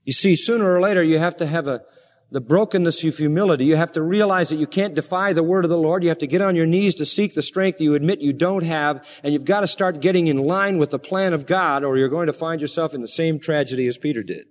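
High-voiced preacher man in a reverberant hall. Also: fast talker. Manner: earnest preaching, rising to fervent emphasis. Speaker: pastor. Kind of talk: sermon.

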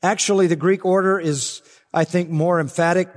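A man's voice: high voice, fairly even intonation, moderate pace. An older man preaching an expository sermon as pastor, rising to emphatic swells. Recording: long reverb of a large hall.

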